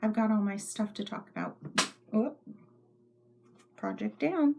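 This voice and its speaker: A woman's voice: medium pitch, measured pace, vocal fry, noisy background. A middle-aged woman hosting a knitting podcast from her home craft room, rambling chattily and often dropping into whispers. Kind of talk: casual show-and-tell chat.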